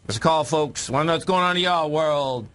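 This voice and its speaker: On a radio broadcast, a market analyst co-hosting a market show with callers talks fast in a slightly bright, high-leaning voice. He speaks emphatically to listeners and repeats his phrases.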